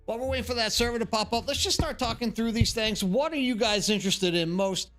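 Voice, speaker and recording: A male game streamer chatting live to his viewers, energetic and chatty as he greets people in the chat by name. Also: very high voice, fast, faint music behind.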